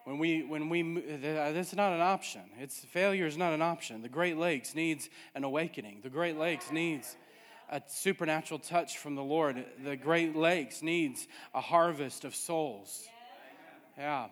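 A man preaches a sermon, pressing his points and circling back to the same refrain again and again. His voice sits fairly high for a man. The sound rings out with a long hall reverb. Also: moderate pace. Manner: emphatic preaching with repeated refrains. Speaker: pastor.

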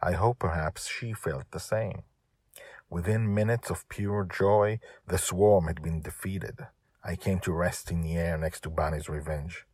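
Low, husky male storyteller. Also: steady tone, a little slow, no room sound, clean studio sound. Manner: gentle, earnest storytelling. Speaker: author and reader of a serial story. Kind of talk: storybook narration.

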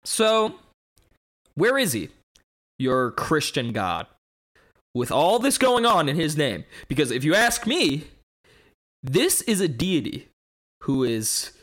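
A man's voice: a little high, big pitch swings, slow, long pauses, a bit bright, exaggerated voice. A young man performing a fiery skeptic lecturing a bishop in a dramatic monologue, with impassioned, rhetorical delivery. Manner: impassioned, rhetorical, escalating rants.

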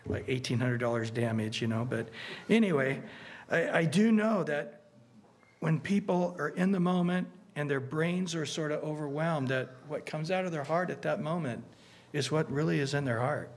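A man preaching a conversational sermon as pastor, earnest and animated, often restarting his sentences. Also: a little high, normal speed. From United States.

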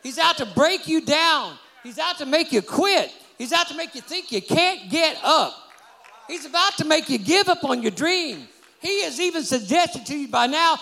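Male preacher, very high gravelly voice, shouted call-and-response delivery. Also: big pitch swings, normal speed. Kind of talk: fiery sermon. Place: church service before a congregation. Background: congregation.

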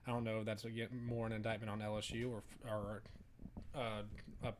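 A man co-hosting a casual sports podcast, opinionated and quick to laugh as he trades football predictions. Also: on the low side, flat delivery, slight background noise. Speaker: podcast co-host.

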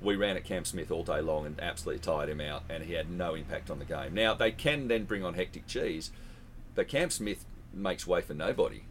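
Man, low pitch, casual sports podcast co-host, chatty. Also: fairly quick, slight background noise. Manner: chatty, reels off player lists.

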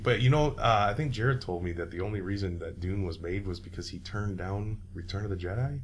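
A man hosting a casual podcast chat, laid-back and profane, who breaks into loud mock voices. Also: sits low, fairly quick. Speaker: podcast host.

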